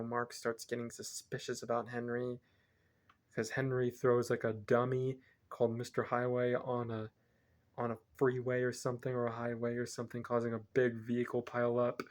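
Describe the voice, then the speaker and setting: A man reviewing a film, retelling its plot casually in a rambling way and often correcting himself. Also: medium pitch. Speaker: movie reviewer.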